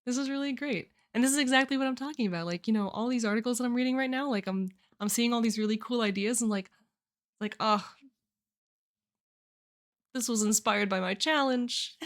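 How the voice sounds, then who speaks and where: A woman's voice: a little high, fast. A young woman hosting a livestream, chatting casually about viewer submissions she reads aloud, gushing and rambling with lots of filler words and restarts. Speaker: livestream host.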